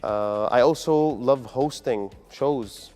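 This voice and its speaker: A man's voice: medium pitch, takes it slowly, a little mellow, faint music behind. A man from the UAE, a comedian answering interview questions in an upbeat, earnest way. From United Arab Emirates. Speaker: comedian and guest.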